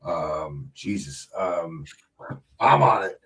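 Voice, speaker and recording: A man's voice: low-pitched, expressive, slow, gravelly, a bit bright, far from the mic. A man guesting on a casual wrestling podcast, rambling with many fillers and restarts and joking around. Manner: jokey, slips into wrestler impressions.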